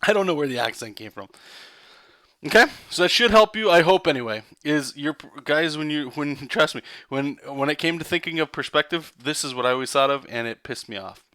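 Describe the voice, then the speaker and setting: Casting: male comic artist, bright, dry voice, excitable and loose, rambling casual drawing lesson. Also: fairly high pitch, fairly quick, dry recording. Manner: loose, rambling, checks in with "right?" and "okay?".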